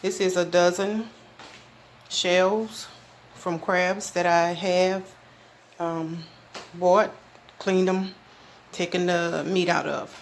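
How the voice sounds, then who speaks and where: A woman's voice: on the low side, steady tone, very slow, long pauses. A woman, chatting folksily to viewers as she demonstrates a recipe in her small home kitchen, filming it herself. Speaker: cooking channel host. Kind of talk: casual cooking demonstration. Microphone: camera mic, filming alone. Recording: echoey kitchen with background noise.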